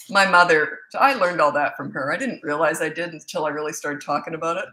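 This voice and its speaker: A parenting coach with a Canadian accent talks fast and with few pauses, her lowish voice fairly even in intonation and sharp in tone. Hosting a live-stream Q&A, she chats frankly and greets viewers by their locations. The recording from her own microphone setup is rough.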